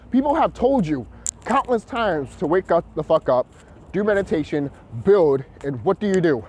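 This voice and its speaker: A man with a high voice vlogs in an agitated, preachy monologue. He swears freely and keeps repeating himself. His pitch leaps around with lively swings. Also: a little hiss or hum. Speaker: vlogger. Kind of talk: ranting monologue to camera.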